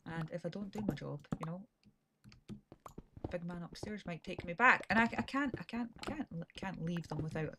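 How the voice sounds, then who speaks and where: A woman's voice: fairly low pitch, normal speed, background noise. A woman with a Scottish accent chatting casually while commentating her gameplay, rambling and self-deprecating. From Scotland. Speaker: gaming streamer.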